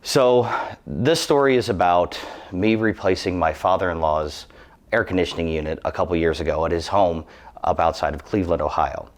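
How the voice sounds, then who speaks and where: Deep-voiced earnest man telling a safety story. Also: normal speed. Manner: earnest, emphatic and cautionary. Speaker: employee giving a safety testimonial. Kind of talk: personal testimonial story.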